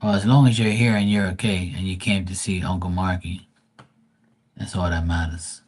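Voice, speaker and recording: A man with a low, husky voice chats loosely on a live stream. He reads tarot cards for viewers and calls out their names as he goes. His talk is casual and sprinkled with mild swearing. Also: level tone, moderate pace, darkish tone.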